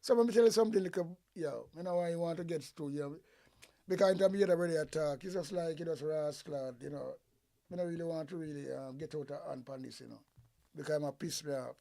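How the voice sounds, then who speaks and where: A man's voice: a little high, quick pace, creaky, dark tone. A man with a Jamaican accent, giving heated, profane political commentary in patois.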